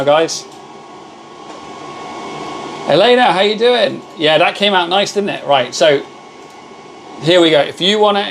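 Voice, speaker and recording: A man's voice: a little high, low-quality recording. Chatty man over machine hum. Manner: chatty, greets viewers and calls them mate. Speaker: livestream host. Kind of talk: casual live-stream chat. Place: home workshop with laser machines.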